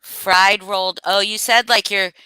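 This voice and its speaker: Woman, streamer host, bright voice, dry close sound, casual chat, reads chat. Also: mid-range voice, fairly even intonation, a little slow, clear, resonant tone, dry recording. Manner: reads chat aloud, chatty and swearing.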